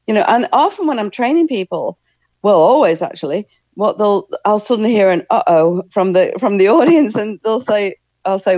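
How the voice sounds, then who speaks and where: A woman's voice: medium pitch, lively intonation, brisk, no echo. A middle-aged woman, a therapist and trainer, talking enthusiastically as an interview guest and acting out quoted speech. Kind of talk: conversational interview. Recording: dull lo-fi sound.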